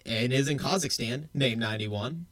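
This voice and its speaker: A man's voice: medium pitch, normal speed, a bit bright. A man co-hosting a podcast in casual chat, joking, swearing freely and arguing in fun. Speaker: podcast co-host.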